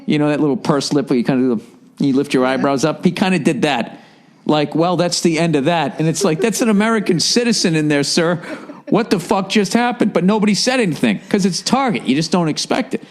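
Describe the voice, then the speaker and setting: A man telling a comic story on a podcast, profane and animated, breaking into laughter as he goes. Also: fairly high pitch. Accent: Boston. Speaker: podcast host. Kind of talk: comedic storytelling.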